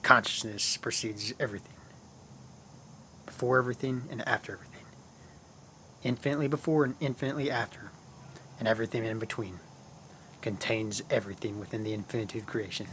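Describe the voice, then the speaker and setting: A man's voice: fairly low pitch, fairly even intonation, a little fast, pauses often, bright, forceful tone, slight background noise. A man hosting his own channel, talking casually and at length about spiritual ideas, often repeating himself and calling his viewers guys. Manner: rambling, repeats phrases, addresses viewers as guys.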